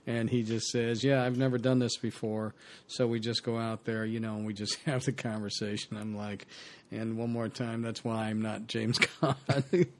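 A man telling show-business stories in casual chat, animated and laughing as he goes. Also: lowish voice, normal speed, few pauses. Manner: animated storyteller, laughs mid-sentence. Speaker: actor guest.

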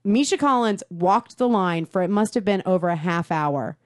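A young woman co-hosting a podcast, telling stories in an excitable, animated way. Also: on the low side, normal speed, no echo, clean studio sound. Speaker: podcast co-host. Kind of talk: casual chat. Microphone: close studio mic with headphones.

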